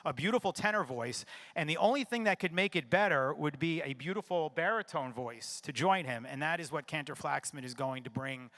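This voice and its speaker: A man's voice: a little high, lively intonation, a little fast, bright, forceful tone. A middle-aged man giving announcements and telling a personal story with wry humor to a congregation.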